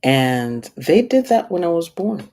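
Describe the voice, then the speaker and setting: A middle-aged African woman teaches a class by telling a personal story, acting out the voices of the people she quotes. Her voice is gravelly, dark and mellow, lowish in pitch with big swings, and she speaks a little slowly.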